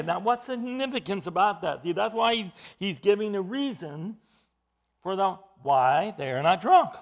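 A man preaching an expository sermon, emphatic, with his voice rising into loud bursts. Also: sits high, lively intonation, normal speed, gravelly, highs cut off.

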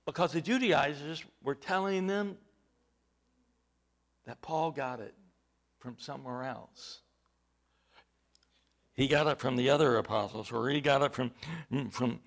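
A man preaching a sermon, halting with fillers at times and then rising to loud, stressed points. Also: on the high side, lively intonation.

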